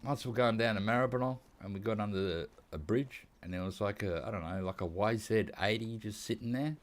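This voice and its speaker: Aussie bloke spinning yarns while gaming, fairly low voice, laughs a fair bit. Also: male voice, brisk. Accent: Australian. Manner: rambling anecdotes with laughs and quoted dialogue. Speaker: gaming YouTuber. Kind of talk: casual storytelling while playing a hunting game.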